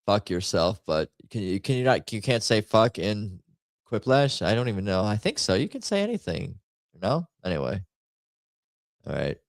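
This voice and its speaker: A man's voice: fairly low pitch, big pitch swings, moderate pace, creaky, dry recording, clean studio sound. A man hosting a live stream, rambling and joking to himself while he plays a party word game. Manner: rambling, jokey, self-mocking commentary. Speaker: stream host playing party games. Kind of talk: casual game-stream chatter.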